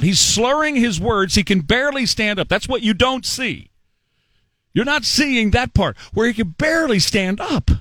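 A man's voice: sits high, fairly bright tone, no room sound. A man hosting a talk radio show, mocking and repetitive as he hectors his listeners, speaking from a studio mic. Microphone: studio microphone.

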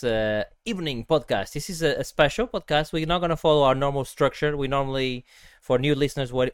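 A man hosts a casual podcast, chatting and joking at himself, with frequent laughs. His voice is smooth and resonant, at a middle pitch. The sound is close and dry, with no room echo. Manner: chatty, self-deprecating, laughs often. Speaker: podcast host. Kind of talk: casual chat.

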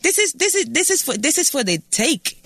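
A Puerto Rican woman in her thirties talks quickly and brashly in a casual interview. Her voice is bright and forceful, full of profanity and bragging. The sound is dry and close. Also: sits high, big pitch swings, no room sound. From Puerto Rico. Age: 30s. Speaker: interview guest.

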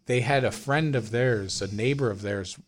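Homme conteur animé et grossier. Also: male voice, medium pitch, normal speed. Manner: animated storyteller, swears freely, mimics people he quotes. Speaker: podcast co-host. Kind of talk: casual storytelling chat.

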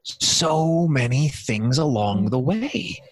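A man's voice: medium pitch, animated, slow pace, breathy edge, no room sound. A man speaking as a guest on a podcast, enthusiastic and jokey in casual interview talk. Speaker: podcast guest, performance strategist.

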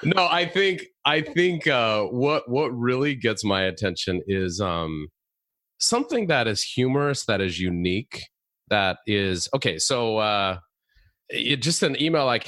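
A man chatting as a podcast guest, telling lively stories and laughing often. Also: on the low side, normal speed, no room sound, studio quality. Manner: animated storyteller, laughs often. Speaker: podcast guest, comedy consultant. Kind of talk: casual interview chat.

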